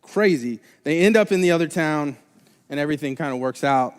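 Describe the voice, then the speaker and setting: A man's voice: on the high side, expressive, a little fast, clean tone. A young adult man preaching a sermon live in a church, talking casually and rambling with many restarts and fillers. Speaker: pastor. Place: church sanctuary. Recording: live church recording with long hall reverb.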